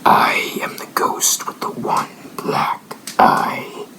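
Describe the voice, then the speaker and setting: A man voicing a menacing ghost from a basement in a spooky story, in a slow, drawn-out whisper. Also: bright, forceful tone. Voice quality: gravelly whisper. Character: menacing one-eyed basement ghost, creepy.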